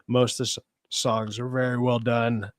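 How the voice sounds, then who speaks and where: A man's voice: medium pitch, little pitch movement, moderate pace, no room sound, studio quality. A man co-hosting a casual podcast chat, joking crudely and slipping into silly voices. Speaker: podcast co-host.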